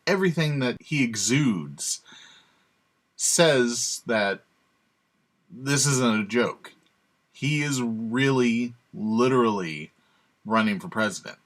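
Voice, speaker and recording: Sarcastic man giving opinionated commentary. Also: mid-range voice. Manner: sarcastic, emphatic, chuckles to himself. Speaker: channel host.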